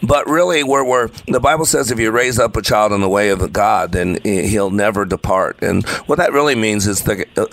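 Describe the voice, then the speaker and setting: A man's voice: on the low side, lively intonation, moderate pace, hardly any pauses, a bit bright. A man hosting a coaching talk show, earnest and folksy, repeating phrases for emphasis as he interviews a caller. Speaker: radio show host.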